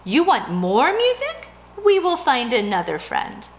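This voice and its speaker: A woman's voice: high-pitched, huge pitch swings, unhurried, reverberant, voice pushed up, heavily acted. A woman doing a puzzled cheery cricket. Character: cheerful hard-of-hearing male cricket.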